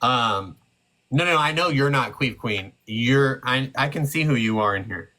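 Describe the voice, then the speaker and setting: A man's voice: mid-range voice, lively intonation, a little slow, bright, forceful tone, low-quality recording. A man hosting a live stream, talking bluntly and confronting his critics in casual chat.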